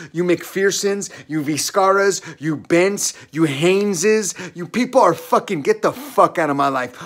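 Angry ranting man, fairly high voice. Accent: Californian. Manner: profane, agitated, swinging between shouting and low muttering.

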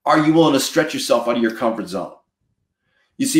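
A man's voice: medium pitch, animated, brisk, long pauses, roomy sound. A man giving a motivational talk as a coach, emphatic and preachy, repeating lines for effect. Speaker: mortgage marketing coach.

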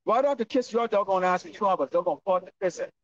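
A man preaching on the street in a loud, profane, scolding manner. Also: high-pitched, racing. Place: outdoors, windy street corner. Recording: distant lo-fi outdoor recording.

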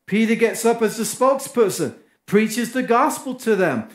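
High-voiced English pastor in echoey church. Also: male voice, animated, normal speed. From England. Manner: emphatic, rises in pitch for quoted crowds. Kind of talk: sermon.

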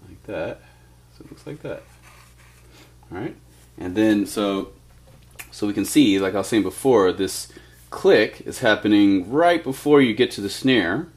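A man teaching turntable scratching in a relaxed, step-by-step way, often saying "all right" as he works through each part. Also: on the low side. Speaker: DJ scratch instructor. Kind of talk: casual instructional demo.

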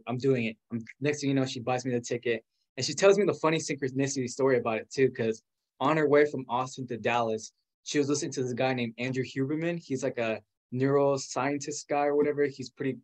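Young man in his twenties, chatty storyteller, fast and animated, filler-heavy, mid-pitched. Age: 20s. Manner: animated, quick, full of "like" fillers, acts out quoted voices. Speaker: guest. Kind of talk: casual storytelling.

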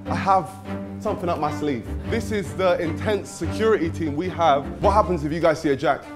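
A British man hosting a prank vlog outdoors, loud, hyped and playfully teasing. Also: fairly high pitch, fairly quick. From United Kingdom. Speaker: host. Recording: street crowd and music behind.

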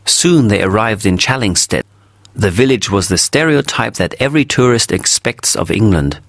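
A man reading a story aloud for English learners, steady and clear. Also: on the low side, normal speed, no echo, studio quality. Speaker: narrator.

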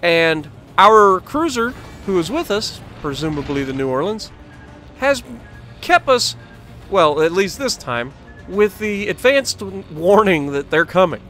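Guy doing a gameplay commentary, jokey and animated, voice swings all over, faint game music behind. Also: sits high, takes it slowly. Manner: animated, joking, talks to the game and viewers. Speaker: gaming channel host.

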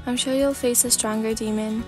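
Sensible young demon slayer, as a lady narrator plays them, a bit high, music low in the back. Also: fairly even intonation, moderate pace, lightly acted. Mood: dry. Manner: sensible, scolding, gently caring. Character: level-headed young demon-slayer companion.

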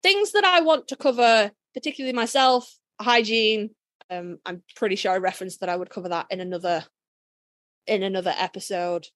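A woman with a Yorkshire accent co-hosting a casual podcast, blunt and quick to swear, laughing often. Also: medium pitch, a bit bright, dry recording. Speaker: podcast co-host.

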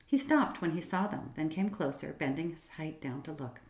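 A low-voiced woman reads a children's book aloud. Her delivery is expressive and gently paced, rising and falling a lot. The room lends a noticeable echo. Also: normal speed. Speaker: storyteller. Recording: roomy echo.

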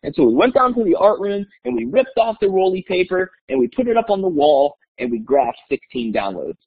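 A male teacher telling a classroom story to other educators in a webinar, energetic and enthusiastic, acting out the voices in his story. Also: sits high, brisk, gravelly, husky. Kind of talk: animated storytelling presentation. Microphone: webinar call mic. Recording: tinny phone-like webinar audio.

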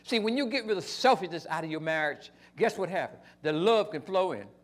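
An older male pastor preaching with a fairly high voice. He swings from quiet storytelling into loud, emphatic bursts, and his phrasing stays casual and folksy. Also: lively intonation, fairly quick. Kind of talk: sermon.

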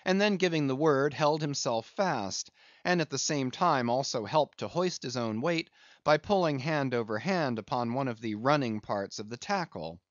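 A man narrating a classic novel in a measured, steady audiobook reading. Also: mid-range voice, no room sound, lo-fi sound. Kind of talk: scripted narration.

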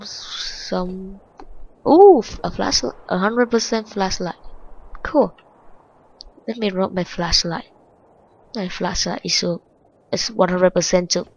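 A woman with a Vietnamese accent, Vietnamese her first language, doing let's-play game commentary in simple non-native English, moving from low muttering to high excited shrieks. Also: takes it slowly, long pauses, poor audio. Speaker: gaming channel host.

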